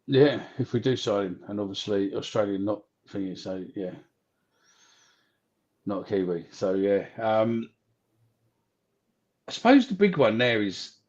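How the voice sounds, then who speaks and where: A man's voice: lowish voice, animated, unhurried, pauses often, a little mellow, highs cut off. A man co-hosting a casual fan podcast, reading out notes, joking and swearing as he muddles up names.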